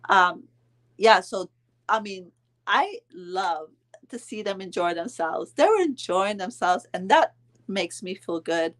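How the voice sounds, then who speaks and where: A woman in her thirties casually telling a vacation story to her viewers, chatting along with their comments and filling pauses with "um". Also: mid-range voice, animated, fairly bright tone. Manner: chatty, answers viewer comments, frequent ums and laughs. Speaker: vlog host telling a story to live viewers.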